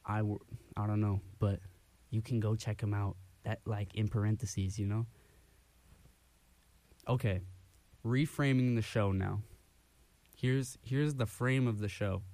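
A man's voice: on the low side, a little slow, pauses often, no echo. Breathless young man ranting on radio. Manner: rambling, self-deprecating, animated rants. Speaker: college radio host. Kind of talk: casual radio chat. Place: radio studio. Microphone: studio microphone.

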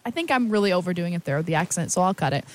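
A woman's voice: fairly low pitch, animated, rapid-fire, low-quality recording. A young woman radio DJ chatting casually between songs, rambling and poking fun at herself as she wanders off on tangents. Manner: rambling, chatty, self-mocking, goes off on tangents.

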